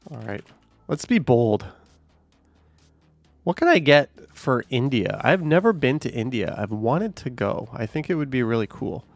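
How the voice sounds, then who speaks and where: Gravelly man musing on a live stream. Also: mid-range voice, big pitch swings, unhurried, dry recording, faint music behind. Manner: rambling, musing aloud with many fillers. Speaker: live-streaming walking vlogger. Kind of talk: casual live-stream chat reading viewer comments.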